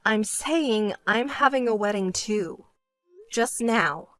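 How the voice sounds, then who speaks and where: A woman voicing a level-headed young woman who speaks in a cool, dry and curt way in an animated story. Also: medium pitch, slow, no echo, soft background music. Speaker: narrating protagonist.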